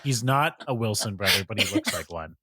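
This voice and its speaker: A man's voice: lowish voice, animated, brisk, pushed and bright. A man hosting a podcast, laid-back and chatty, adding film trivia with easy laughs. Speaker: podcast host. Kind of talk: casual chat.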